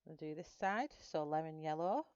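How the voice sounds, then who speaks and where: A middle-aged woman with a low voice, rambling in easy chat with her viewers as she colours. The sound is dull and lo-fi, and very dry. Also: lively intonation, moderate pace, darkish tone, clean tone, no echo. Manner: chatty, rambling, greets viewers by name. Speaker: colouring channel host. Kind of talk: casual chat while colouring live.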